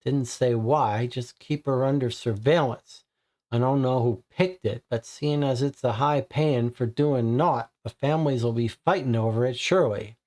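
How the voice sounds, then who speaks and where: A man's voice: mid-range voice, moderate pace, a little mellow, lightly acted. Sly toothless gossip, as a man puts him on. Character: squirrely toothless small-time male informant.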